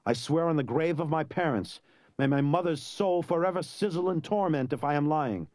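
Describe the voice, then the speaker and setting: A man's voice: on the high side, normal speed, a little mellow, no room sound, clean studio sound, pitched above the performer's own voice, close to an everyday voice. A man voicing a cowardly, lying gatekeeper who swears overblown oaths. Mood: pleading. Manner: pleading, overblown oath-swearing.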